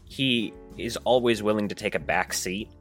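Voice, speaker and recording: A man who runs the group's game, calmly explaining things in casual podcast chat. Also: lowish voice, normal speed, faint music behind. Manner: calm and explanatory. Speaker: game master and podcast co-host.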